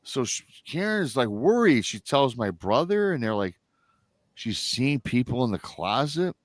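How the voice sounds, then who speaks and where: A man's voice: mid-range voice, sing-song, moderate pace, dry recording. Rambling man telling a family story. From Michigan. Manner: rambling, with restarts and acted-out quotes of family members. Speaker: guest storyteller. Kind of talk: casual storytelling on a live stream.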